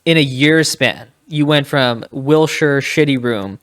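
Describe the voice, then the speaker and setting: A man's voice: medium pitch, unhurried, a bit bright. A man hosting a podcast in a studio, chatting in an upbeat, agreeable, teasing way. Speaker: podcast host. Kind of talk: casual podcast chat.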